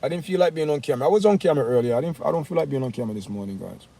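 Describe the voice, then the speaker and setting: A man chatting casually with his livestream viewers, animated and talking straight to the chat, outdoors on a windy street. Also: on the high side, racing, vocal fry. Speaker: livestream host. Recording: faint outdoor street noise.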